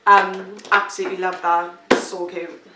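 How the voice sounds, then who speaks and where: A pregnant woman vlogging from home in a casual, gushing, excitable chat full of fillers. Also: fairly low pitch, moderate pace, heavy background noise. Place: at home, indoors. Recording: echoey room, mic at a distance.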